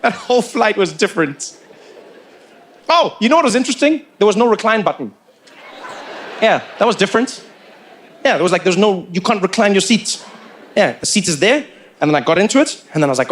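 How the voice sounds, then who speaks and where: A man doing stand-up comedy storytelling, animated and playful, slipping into quick impressions. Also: high voice, a little hiss or hum.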